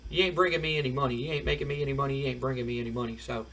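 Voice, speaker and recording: A man's voice: mid-range voice, fairly even intonation, rapid-fire, distant mic, natural voice. A man voicing a brash, money-minded wrestling manager who waves off a former client. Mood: dismissive. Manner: loud, dismissive, blustering. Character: brash, greedy male wrestling manager, middle-aged.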